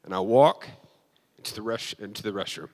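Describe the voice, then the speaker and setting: A man's voice: lowish voice, fairly quick, darkish tone. Emotional man preaching a personal testimony. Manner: personal testimony, emotional, frequent restarts and fillers. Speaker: pastor. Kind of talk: sermon.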